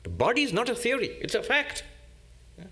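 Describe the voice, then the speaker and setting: A man, a monk, giving a spiritual lecture in a deliberate, teacherly way, repeating key terms. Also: very high voice, wildly swooping pitch, pushed and bright.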